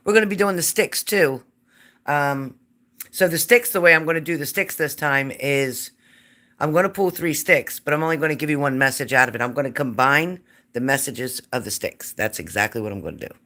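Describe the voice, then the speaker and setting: A woman's voice: rumbling low, normal speed, bright, forceful tone. A woman hosting a live psychic reading stream, chatting casually and greeting viewers by name.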